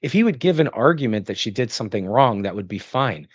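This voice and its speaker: A man's voice: medium pitch, expressive, quick pace, dry recording. A man giving reaction commentary, sarcastic and indignant as he rants.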